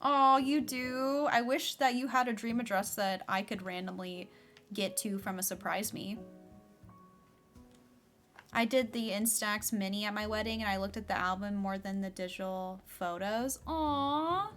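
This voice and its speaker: A woman's voice: medium pitch, steady tone, moderate pace, a bit bright, soft background music. A young adult woman streaming a game, chatting casually and filling her speech with "like". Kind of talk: casual chat while playing a game.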